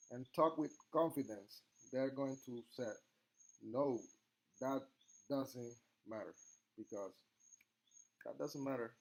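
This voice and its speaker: A young man whose first language is Spanish speaks English with a Spanish accent and a gravelly edge. He talks in a middle register, earnest and a little halting, reading out questions and answering them for a class presentation. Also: medium pitch, darkish tone, rough recording. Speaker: student.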